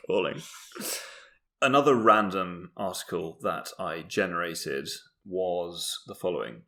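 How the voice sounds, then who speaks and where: Young man from Britain, low pitch, bright tone, casual comedic podcast chat, rambling and self-mocking. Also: lively intonation, slow pace. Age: young adult. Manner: rambling, self-mocking, with frequent ums and laughs. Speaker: podcast co-host.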